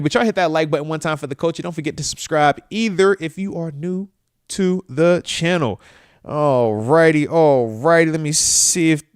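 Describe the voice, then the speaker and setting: A man's voice: on the high side, dry recording. A man in his thirties hosting a casual live-streamed football talk show, loose and slangy, dropping "man" into nearly every sentence, close to the microphone. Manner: animated, with playful asides. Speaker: host of a football talk livestream. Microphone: close microphone that picks up breaths.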